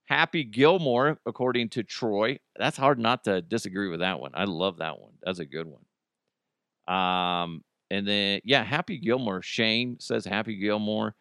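A man's voice: on the low side, unhurried, a bit bright, clear, resonant tone, dry recording, clean studio sound. Rambling joking male radio host. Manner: rambling, joking, self-correcting. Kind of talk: casual on-air chat.

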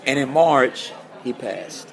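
A man's voice: mid-range voice, slow pace, vocal fry, a crowd in the background. A man telling stories in a podcast interview, acting out the voices of the people he quotes. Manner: animated storyteller, acts out quoted voices. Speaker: guest guitarist.

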